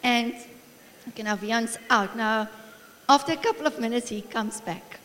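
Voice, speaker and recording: A middle-aged woman preaching a sermon in a church hall, warm and encouraging, telling family stories with frequent laughter. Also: fairly high pitch, normal speed. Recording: long reverb of a large hall.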